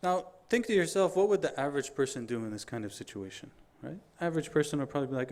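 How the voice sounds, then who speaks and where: A middle-aged man giving a Friday sermon, telling stories in an animated way, acting out the dialogue and reciting quotations quickly. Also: on the high side. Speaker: preacher.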